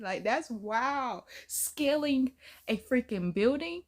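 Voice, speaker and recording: A woman talks through a reaction video in loose, slangy chat, laughing often. Her voice sits a little high and swings widely in pitch. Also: lively intonation, takes it slowly. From Southern US. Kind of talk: casual reaction commentary.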